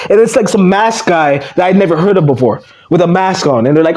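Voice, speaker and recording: A man's voice: high voice, lively intonation, fairly quick, few pauses, a little mellow. A man giving a casual, profane rant as a wrestling vlogger, blunt and exasperated. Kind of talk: casual ranting commentary.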